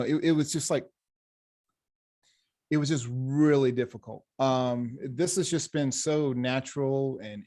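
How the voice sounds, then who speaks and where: Animated male hypnotherapist telling stories. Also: medium pitch. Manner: animated storyteller, acts out quoted dialogue, frequent restarts. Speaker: hypnotherapist, program graduate. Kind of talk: casual interview, telling client stories.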